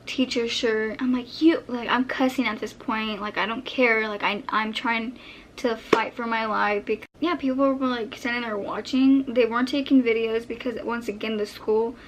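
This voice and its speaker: A young woman in a casual storytime vlog, retelling events with animated acting-out of her own past lines. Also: fairly high pitch, moderate pace, a little hiss or hum. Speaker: vlogger.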